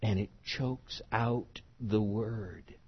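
A middle-aged preacher delivers a sermon in a low, husky voice. He is emphatic and swings from soft to loud. The recording sounds muffled and dull. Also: fairly even intonation, extremely slow. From United States.

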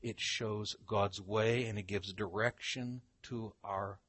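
An older man preaching a Bible-teaching sermon, emphatic, slowing down to read scripture aloud. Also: lowish voice, fairly even intonation, a bit bright, slightly rough, dry recording.

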